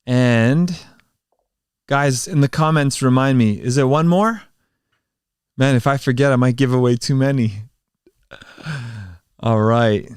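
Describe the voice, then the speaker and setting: A man's voice: mid-range voice, unhurried, pauses often, clear, resonant tone, no room sound, clean studio sound. A man hosting a casual livestream, talking earnestly with many fillers, then leading a prayer. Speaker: channel host and worship drummer.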